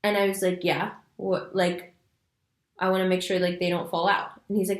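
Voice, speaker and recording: Animated woman in an echoey room. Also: mid-range voice, quick pace. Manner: animated storytelling with voiced quotes; fidgety, loose, filler-heavy. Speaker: astrology video host. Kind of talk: casual spoken monologue.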